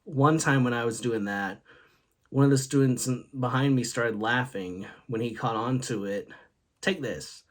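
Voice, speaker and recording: A man's voice: mid-range voice, measured pace. A young man hosting a casual talk video, telling rambling stories in a jokey way and laughing at his own jokes. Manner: rambling, jokey storytelling with self-amused laughs. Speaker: host.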